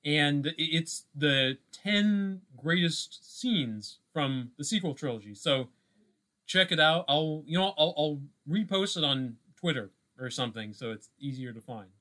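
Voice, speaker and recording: A man co-hosting a podcast, chatting casually with many pauses, restarts and "you know"s. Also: a little high, lively intonation, pushed and bright. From Scottish roots. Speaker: podcast co-host. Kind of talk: casual chat.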